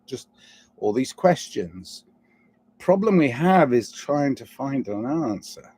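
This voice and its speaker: A man's voice: mid-range voice, very animated, slow pace, dark tone, husky. A man talking alone in a rambling, reflective monologue, asking himself question after question, with a noticeable accent. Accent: non-standard English accent. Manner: rambling, musing, asks himself many questions. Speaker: vlogger.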